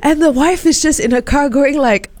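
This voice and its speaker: A woman's voice: high-pitched, moderate pace, no echo. A woman co-hosting a radio show, telling a story in casual chat and acting out the people in it. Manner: animated, acts out the people in her story. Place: radio studio. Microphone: studio microphone.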